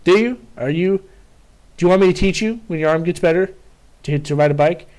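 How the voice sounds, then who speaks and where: A man voicing his angry male first sergeant, who yells and swears as he berates a soldier. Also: high voice, animated, moderate pace, voice pushed up. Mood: berating. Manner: yelling, berating, profane.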